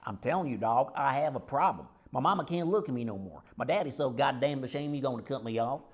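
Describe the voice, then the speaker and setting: A man's voice: medium pitch, animated, quick pace, close to an everyday voice. An actor playing a Lebanese man who suddenly talks with a folksy American Southern drawl, bewildered at himself. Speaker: patient. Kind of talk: comedy sketch acting.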